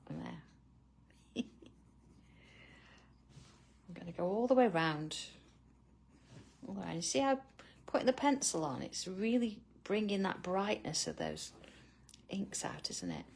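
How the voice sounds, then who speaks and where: A woman's voice: lowish voice, very animated, unhurried, gravelly, pauses often, a little mellow, husky. A middle-aged woman hosting a live drawing tutorial, chatting casually with viewers by name and laughing often. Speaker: art tutorial host.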